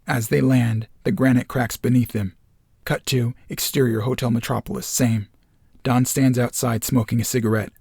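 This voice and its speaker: Dark, husky man reading a screenplay. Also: mid-range voice, normal speed, no room sound, clean studio sound. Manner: steady, matter-of-fact. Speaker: narrator.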